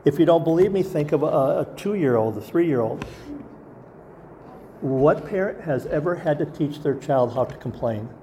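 A man's voice: a little high, expressive, moderate pace, mellow, a little hiss or hum. A man preaching a sermon as pastor, earnest and asking the congregation rhetorical questions.

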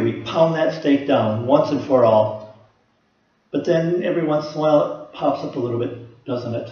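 A man preaching a sermon to a congregation, earnest and steady, asking rhetorical questions. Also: mid-range voice, slight background noise. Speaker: pastor. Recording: echoey room, slightly dull sound.

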